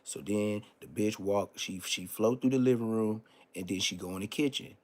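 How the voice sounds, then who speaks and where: A man's voice: on the low side, normal speed. A man telling a story on a casual live stream, profane and emphatic, repeating street oaths.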